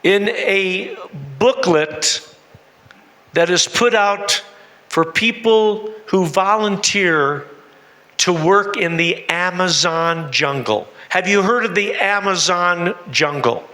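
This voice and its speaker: A man's voice: high voice, slow, bright, forceful tone, roomy sound, in a large hall. A man missionary preaching a sermon, telling a story dramatically and asking the congregation questions. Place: church.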